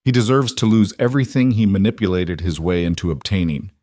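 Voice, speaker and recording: A man reading the part of a cultured male crime boss with a faint Russian accent, smooth and persuasive. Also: low voice, steady tone, a little fast, darkish tone, no room sound, lightly acted. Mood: smooth menace.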